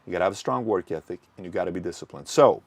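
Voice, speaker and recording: A man's voice: sits low, racing, dry recording. A man hosting a business channel, giving a motivational talk with punchy rhetorical questions and emphatic repetition. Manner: emphatic, repeats key points.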